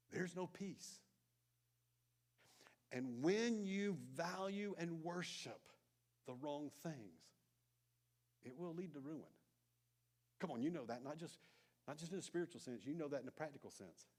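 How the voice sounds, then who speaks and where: A man preaching a sermon as pastor, telling a story with animated emphasis and then dropping into soft, intense asides. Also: fairly high pitch. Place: church sanctuary.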